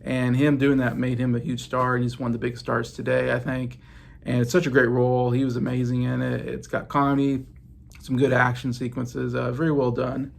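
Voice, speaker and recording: A man's voice: medium pitch, completely flat delivery, a little fast, creaky. A man in his late thirties hosting a casual video vlog from his basement, chatty and meandering as he shows off his movie collection. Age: late 30s. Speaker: YouTube host. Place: home basement.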